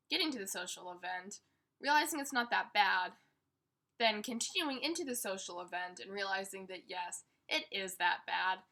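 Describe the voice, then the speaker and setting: A woman's voice: medium pitch, bright, forceful tone. A young woman vlogging in casual chat, self-deprecating, acting out her own panicked thoughts. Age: young adult.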